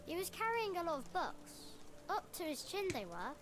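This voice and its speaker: A woman's voice: extremely high pitch, very animated, moderate pace. A woman with a Cockney-tinged British accent voicing a cocky, streetwise young newsboy who boasts and bargains. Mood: cheeky. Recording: game audio over background music.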